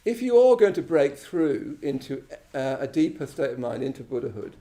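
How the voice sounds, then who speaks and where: In the shrine room of a Buddhist centre, a man from England leads a live class with an informal Buddhist talk. His medium-pitched voice is dark in tone and very animated, moving at a moderate pace. He keeps things chatty and self-deprecating, frequently asking "you know" and "yeah?".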